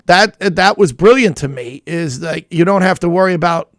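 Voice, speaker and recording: High-voiced rambling man, laughing often. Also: moderate pace, a bit bright, no echo, clean studio sound. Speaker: comedian co-host. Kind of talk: casual chat.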